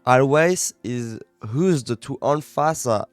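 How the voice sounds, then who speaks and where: A French man with a French accent, a native French speaker, reading English lessons aloud on a study live stream and halting to repeat words while practising pronunciation. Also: on the low side, soft background music.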